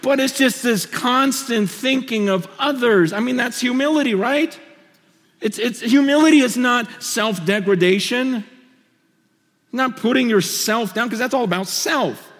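A man preaching a sermon, swinging between animated bursts and hushed, intimate storytelling. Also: very high-pitched, unhurried. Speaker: pastor. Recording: long reverb of a large hall.

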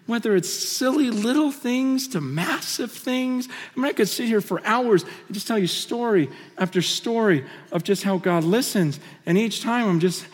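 Male preacher, fairly high voice, impassioned storyteller with lots of repeats, big hall with long reverb. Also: moderate pace, hardly any pauses. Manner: impassioned, repeats himself, swings between loud and hushed. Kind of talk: sermon storytelling. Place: on a stage in a large hall.

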